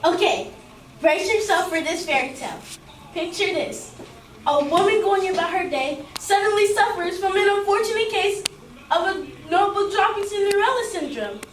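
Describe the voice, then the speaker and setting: A woman's voice: very high voice, lively intonation, normal speed. A woman rehearsing the part of Bobby, a theatrical, over-the-top girl, reading her lines with storytelling flourish. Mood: playful. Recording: roomy, distant mic, faint background noise.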